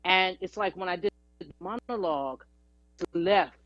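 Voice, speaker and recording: A woman's voice: fairly low pitch, a little slow, a bit bright, no echo. A woman guest, a singer and actress, telling chatty, anecdotal stories in an interview. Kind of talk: storytelling interview. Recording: dry, dull lo-fi audio.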